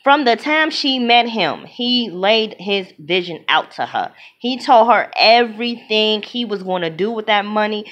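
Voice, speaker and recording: A woman giving an opinionated movie review in casual talk, emphatic and animated, often acting out what other people say. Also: medium pitch, a little slow, few pauses. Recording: dull lo-fi sound.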